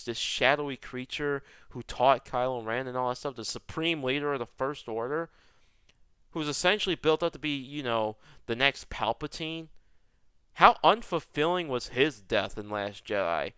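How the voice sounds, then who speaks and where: A man's voice: medium pitch, pushed and bright, clear, resonant tone, no room sound, clean studio sound. A young man delivering an exasperated rant to camera, full of rhetorical questions and repeated words. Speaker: YouTuber. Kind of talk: ranting commentary.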